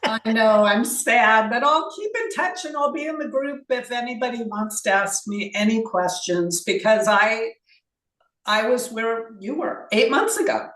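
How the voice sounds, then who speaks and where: An earnest woman speaks slowly and from the heart as an interview guest. She sits away from the mic, and the room gives her voice a noticeable echo. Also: on the high side, lively intonation, a bit bright, recorded from a distance. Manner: earnest and heartfelt, slow-paced.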